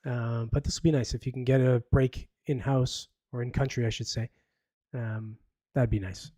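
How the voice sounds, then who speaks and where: A man's voice: mid-range voice, fairly even intonation, normal speed, mellow, dry recording. Sarcastic man with a dry close sound. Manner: sarcastic, rambling, reads news aloud with asides. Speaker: podcast host. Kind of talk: casual live podcast commentary.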